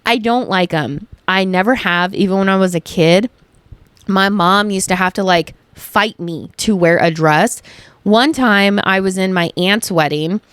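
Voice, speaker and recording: A woman's voice: mid-range voice, measured pace, fairly bright tone, smooth, no room sound. A woman in her twenties chatting casually to her viewers, rambling and emotional, swearing freely as she tells stories. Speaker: vlogger. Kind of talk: casual chat.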